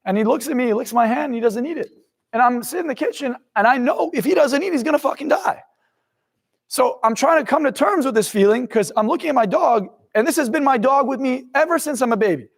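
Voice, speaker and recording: His voice sits extremely high, fast and expressive, with a gravelly texture and a breathy edge. The young man, a hypnotist and motivational speaker in his twenties, tells his life story to camera intensely and bluntly with some profanity, recorded in a room with long reverb.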